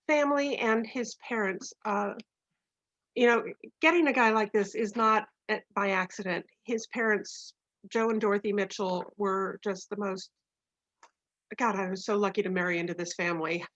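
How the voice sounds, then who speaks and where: A woman's voice: medium pitch, fairly even intonation, normal speed, no room sound. A woman in her sixties introducing her husband's poems in a casual chat, gushing and laughing often. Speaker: co-host, poet's wife. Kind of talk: casual introductions on a video call. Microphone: computer mic on video call. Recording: dull lo-fi video call audio.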